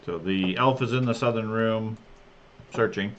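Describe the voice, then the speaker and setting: A man runs a tabletop game in a fairly low, relaxed voice, often pausing to think mid-sentence. The audio is dull and a little muffled. A faint hiss sits underneath. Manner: casual, hesitant with fillers. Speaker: game master.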